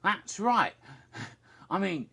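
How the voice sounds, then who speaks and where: Exasperated ranting man, bright and lively. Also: high voice, extremely slow, gravelly, husky. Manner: exasperated, profane, shouts in bursts. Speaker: horror vlogger. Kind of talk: ranting commentary.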